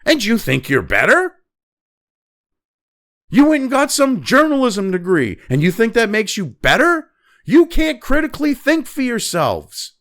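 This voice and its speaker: A man's voice: very high-pitched, wildly swooping pitch, a little slow, a bit bright. A man in his fifties hosting a political commentary show, ranting angrily and mockingly with heavy swearing. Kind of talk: profane opinion rant.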